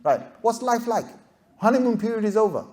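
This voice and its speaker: Male speaker, fairly high voice, lively rhetorical talk to students, acts out characters. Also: fairly quick. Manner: animated, rhetorical, keeps asking "right?". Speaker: Islamic scholar addressing students. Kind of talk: lively talk to a youth audience.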